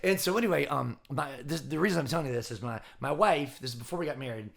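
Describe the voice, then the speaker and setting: Male comedian, slightly high voice, chatty storyteller. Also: quick pace, vocal fry. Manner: animated storyteller, acts out quoted voices. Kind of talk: casual podcast chat.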